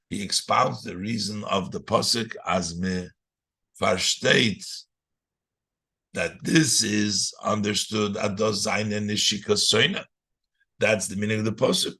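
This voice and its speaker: Gravelly, bright-toned rabbi teaching a text. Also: male voice, on the low side. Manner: reads Yiddish lines then paraphrases in English. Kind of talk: Torah class, translating Yiddish to English.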